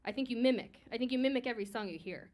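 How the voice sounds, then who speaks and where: A woman judging a singing contest, speaking in a candid, chatty way that turns loud and excited, with frequent laughter. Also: on the high side, rapid-fire. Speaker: singing competition judge. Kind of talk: casual spoken critique. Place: community music venue.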